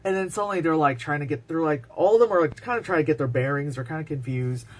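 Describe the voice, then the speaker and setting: A woman records a casual movie review on her phone, rambling through fillers and tossing in swear words. She gets excitable and acts out scenes in little voices as she talks. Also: sits low, fast.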